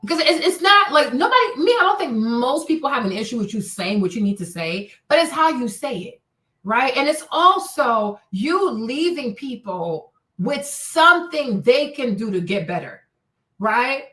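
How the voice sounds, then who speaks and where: A woman's voice: sits high, sing-song, normal speed, sharp tone, echoey room. A woman hosting a commentary livestream, talking emphatically and often checking in with "right?" and "okay?". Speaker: host.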